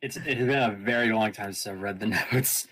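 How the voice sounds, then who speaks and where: A man's voice: on the low side, moderate pace, fairly bright tone. A man playing in a tabletop game, chatting casually and joking. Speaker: player.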